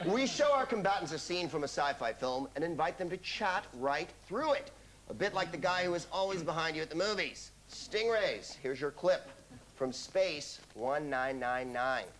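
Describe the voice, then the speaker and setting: A man's voice: a little high, expressive, moderate pace. A man hosting a comedy quiz show, delivering wry, scripted patter. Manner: wry, arch. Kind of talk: scripted comic host patter. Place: television studio. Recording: loud studio audience and noise.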